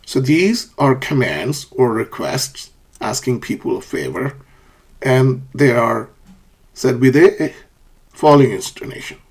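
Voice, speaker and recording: A man teaches English pronunciation in a slightly husky, mid-pitched voice. He reads the example phrases aloud with deliberately exaggerated rises and falls in pitch. Between examples he keeps checking in with the viewer, asking "okay?". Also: very animated. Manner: models example sentences with exaggerated rising and falling pitch. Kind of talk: online pronunciation lesson.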